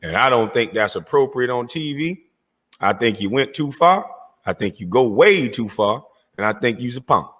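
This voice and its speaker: Man, husky voice, furious profane rant, confrontational call-out. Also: mid-range voice, expressive, normal speed, a bit bright. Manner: confrontational, cursing, calling out rivals. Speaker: online commentator.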